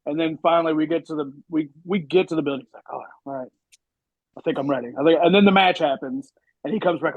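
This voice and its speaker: A man's voice: fairly high pitch, fast talker, no room sound, low-quality recording. A man, a guest wrestler, telling a story in casual chat and quoting his friends. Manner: relaxed storyteller, quotes friends.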